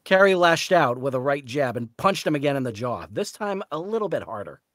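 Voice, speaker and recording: A man's voice: mid-range voice, big pitch swings, brisk, fairly bright tone, no echo. Man narrating a novel aloud. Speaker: author reading. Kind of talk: live reading of a novel's narration.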